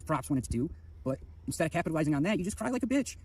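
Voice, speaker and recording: A man's voice: fairly high pitch, very animated, very fast, a little mellow, slightly rough. A man ranting at someone in an aggressive, profane, insulting way. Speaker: caller in a feud. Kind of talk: insulting rant.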